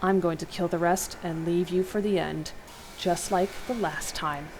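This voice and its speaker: A woman voicing a gleeful, possessed male killer in an interactive horror story, speaking low and slowly. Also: steady tone, a little mellow, a little hiss or hum, poor audio. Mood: menacing.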